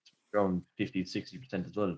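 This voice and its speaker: A man's voice: low voice, little pitch movement, quick pace, darkish tone, muffled recording. A man hosting a podcast, telling rambling stories in casual chat and laughing often. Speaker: podcast host.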